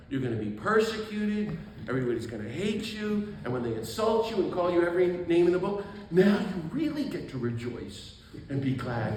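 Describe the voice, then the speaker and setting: A man giving an animated talk as a priest, exuberant, with quick asides and laughter at himself. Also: fairly high pitch, recorded from a distance. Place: event hall. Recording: echoey room with faint background noise.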